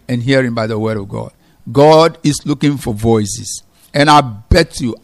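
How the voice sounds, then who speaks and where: Man preaching a sermon, kinda high voice, gets loud then drops way low for emphasis. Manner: emphatic preaching with sharp swings between loud exhortation and low, quiet emphasis. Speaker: pastor.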